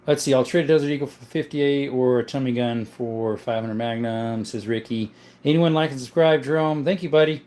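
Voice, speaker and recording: A man hosting a casual livestream, reading viewer comments aloud and answering them in a relaxed, chatty way. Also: medium pitch, brisk. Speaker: livestream host showing his gun collection. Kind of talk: casual live-stream chat.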